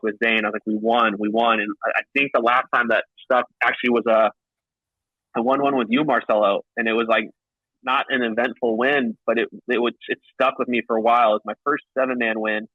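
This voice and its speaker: A man calls in to chat, his voice dull and lo-fi as if over a remote line, with the room around him very dry. He tells stories with lively energy, stumbling and restarting, and jumps up in pitch to act out what others said. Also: fairly quick, dry recording. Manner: animated, acts out quotes with pitch jumps and frequent restarts. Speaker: podcast guest, professional paintball player. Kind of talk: casual storytelling chat. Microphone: remote call line.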